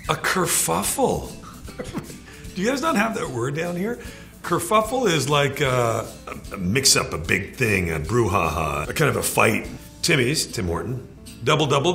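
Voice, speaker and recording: A man breezes through slang with a playful, animated delivery that slides into folksy character voices. His tone is bright with a gravelly edge. Faint music sits under the clip. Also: mid-range voice. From Canada. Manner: playful, slips into folksy voices for example phrases. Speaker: celebrity in a magazine video clip. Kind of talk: comic explainer of slang.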